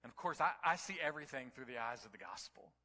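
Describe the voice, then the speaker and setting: A man preaching a sermon to his congregation, telling stories and building to near-shouts at the climaxes. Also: mid-range voice, lively intonation, fast talker, in a large hall. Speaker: pastor. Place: church sanctuary.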